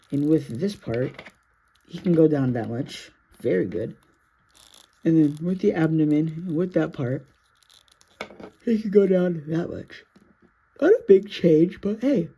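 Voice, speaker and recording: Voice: mid-range voice, warm tone, husky. A sleepy, yawning action figure reviewer talking through a casual toy review in a rambling, self-correcting, apologetic way.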